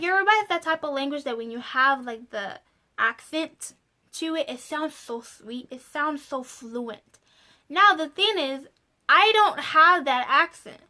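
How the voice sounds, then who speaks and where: Young woman vlogger, high voice, casual, laughs a lot. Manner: animated, laughs often, exasperated. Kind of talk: casual storytelling to camera.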